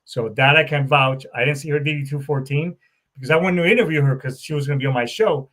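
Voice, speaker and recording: A middle-aged American man hosting a podcast, telling stories in a profane, animated way and acting out both sides of conversations. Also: fairly high pitch, quick pace. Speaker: podcast host. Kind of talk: casual storytelling monologue.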